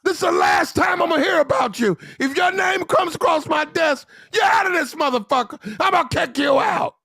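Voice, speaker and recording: Cast: man imitating a high-pitched navy chief in a cursing, yelling rage. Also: fairly quick, vocal fry, no echo, heavily acted. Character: angry male navy chief chewing out a sailor.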